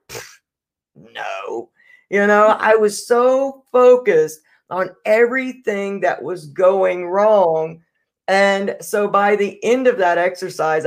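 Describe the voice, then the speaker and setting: A male podcast host speaks with a fairly high voice. He is reflective and earnest, and he leans on fillers as he thinks aloud. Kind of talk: casual podcast chat.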